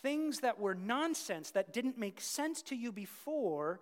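A pastor preaching a sermon emphatically, repeating words for stress and swinging between hushed whispers and loud bursts. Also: mid-range voice, expressive, slow. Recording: long hall reverb.

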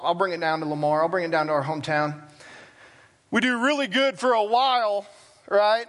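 A man's voice: sits high, a bit bright. A man preaching a sermon as pastor, talking plainly and conversationally with self-deprecating asides. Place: church sanctuary.

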